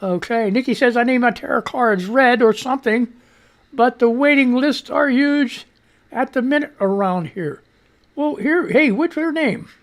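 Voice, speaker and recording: Reading viewer tweets during a live radio stream, the sixty-something host chats in a casual, profane, rambling way and laughs at his own remarks. His voice is very high and unhurried.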